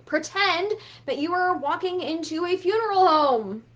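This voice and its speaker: High-voiced woman coach, lively and profane, casual pep talk, a bit lo-fi. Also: a little slow. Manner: animated, swears freely, acts out quotes. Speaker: business coach.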